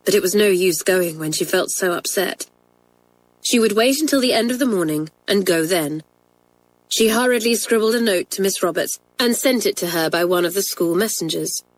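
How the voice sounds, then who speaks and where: A woman's voice: medium pitch, animated, normal speed, no echo, rough recording. Woman reading a children's story. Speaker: audiobook narrator.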